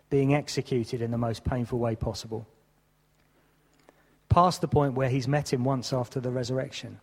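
A male preacher delivering an earnest sermon at a mid-range pitch. His voice carries a long hall reverb, and he acts out quoted exchanges, dropping to a hush and then rising again. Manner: earnest, acts out quoted dialogue with shifting volume. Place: church hall.

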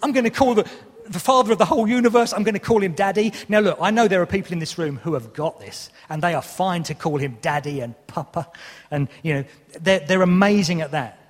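A man's voice: sits high, brisk. A man in his thirties preaching a sermon, candid and self-deprecating with touches of humor. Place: church hall. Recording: long reverb of a hall.

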